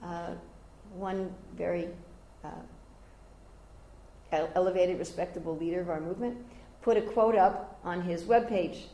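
An older woman giving a devotional scripture class, telling stories lively and raising her voice high whenever she quotes others. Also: normal speed. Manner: animated storyteller, jumping high when quoting others. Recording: roomy echoey room.

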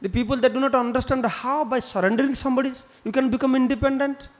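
Male preacher, high pitch, storytelling sermon. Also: steady tone, fast. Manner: storytelling with acted quotes, non-native English phrasing. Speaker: spiritual teacher.

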